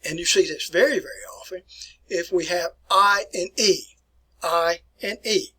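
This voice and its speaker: A man lecturing to his class in a relaxed, folksy manner, repeating key words and addressing everyone as folks. His voice sits a bit high for a man and has a slightly husky edge. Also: moderate pace, poor audio. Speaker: teacher.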